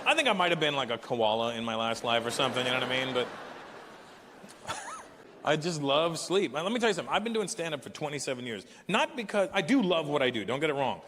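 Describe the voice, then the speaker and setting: Brash fifties male comic from Canada, lively pitch, live hall echo. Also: fast talker, background noise. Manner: animated, brash storytelling that jumps into character voices. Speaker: stand-up comedian. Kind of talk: live stand-up routine. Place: large live venue. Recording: echoey hall with loud ambience.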